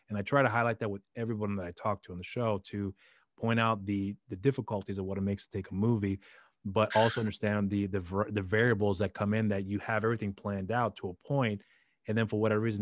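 A man hosting a casual interview, talking in an earnest way and often repeating words as he starts again. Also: fairly low pitch. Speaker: host.

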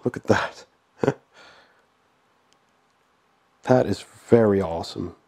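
A man's voice: fairly low pitch, slow pace, gravelly. A man with a cold and a nasal voice, casually commenting while unboxing a board game, with frequent fillers and chuckles. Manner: relaxed, chuckling, lots of fillers.

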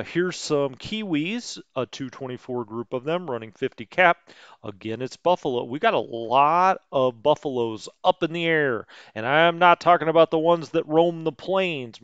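A man's voice: mid-range voice, fairly bright tone, clear, resonant tone, no echo, muffled recording. Chatty man streaming a war game. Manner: chatty, greets live chat viewers, light jokes. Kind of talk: casual let's play commentary.

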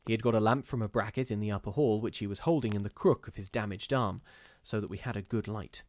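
Low-voiced man reading a ghost story. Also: no room sound. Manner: measured, steady storytelling with brief restarts. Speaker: reader of ghost stories.

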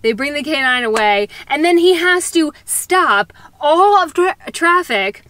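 A woman's voice: sits high, lively intonation, a little slow, sharp tone. A woman travel vlogger telling a story in a casual, self-mocking way, laughing often and acting out the people she quotes. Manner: quotes people in acted voices.

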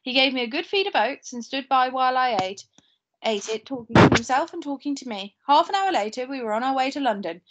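A woman teacher reads a novel aloud to her class in a steady, unhurried way. Her voice sits a little high, and she corrects small slips as she goes. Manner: steady reading with occasional slips and asides. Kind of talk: reading a novel aloud to pupils.

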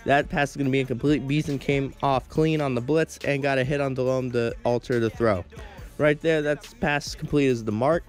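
With game music playing behind him, a teenage gameplay commentator calls the action in his football video game, tripping over words and apologizing with self-deprecating remarks. He speaks at a medium pitch, in a steady tone and at a moderate pace.

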